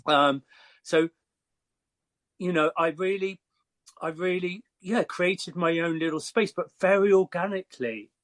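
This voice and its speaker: An English man in his fifties, a hairstylist guest telling lively, chatty stories with frequent fillers. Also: high voice, unhurried, pauses often. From Croydon, England. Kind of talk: casual storytelling.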